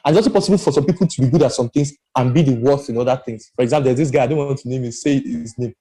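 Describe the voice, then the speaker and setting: Mellow man talking animatedly. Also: mid-range voice, very fast, low-quality recording. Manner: animated and emphatic, rambling with restarts. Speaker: podcast panelist. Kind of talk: casual discussion.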